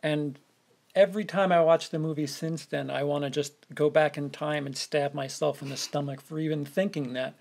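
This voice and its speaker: A man's voice: a little high, steady tone, gravelly, darkish tone. A man co-hosting a podcast, chatting casually about a film and often repeating words as he searches for what to say. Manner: halting, repeats words while searching for phrasing. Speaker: podcast co-host.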